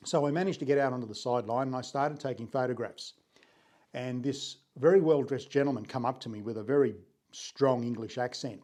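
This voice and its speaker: Mellow-voiced older Australian man. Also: mid-range voice. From Sydney, Australia. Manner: unhurried, earnest, frequent throat clearing. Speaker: photographer. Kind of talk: reflective storytelling vlog.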